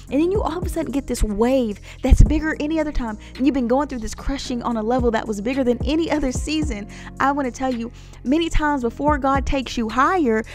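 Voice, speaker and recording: A woman's voice: sits high, darkish tone. A woman telling her own story to viewers in an earnest, preachy vlog, speaking to them directly. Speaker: Christian vlogger. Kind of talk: personal testimony vlog.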